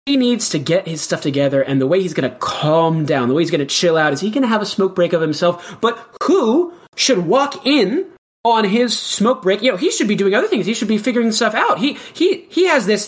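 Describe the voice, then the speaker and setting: A podcast co-host pitching a silly plot in loose comedic chat. Rambling, full of restarts, and quick with joking asides. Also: big pitch swings. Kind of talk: casual comedic storytelling.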